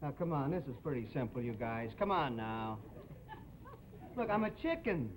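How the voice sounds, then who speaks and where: A man playing a mild, bumbling father filling in as den mother, talking in an easygoing, deadpan, halting way, heard over a noisy TV broadcast with a studio audience. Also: mid-range voice, lightly acted. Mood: droll. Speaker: comedian host of a TV variety show.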